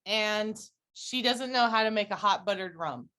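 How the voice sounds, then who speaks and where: A woman on a film podcast chats in a casual, wry way, laughing often and acting out characters' lines. Her voice sits at a mid pitch. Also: normal speed, pushed and bright. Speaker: podcast guest.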